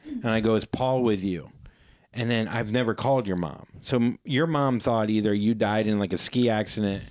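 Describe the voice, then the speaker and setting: A man co-hosting a podcast, telling a rambling story in casual chat and acting out quoted voices in a higher pitch. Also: normal speed, a little mellow. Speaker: podcast co-host.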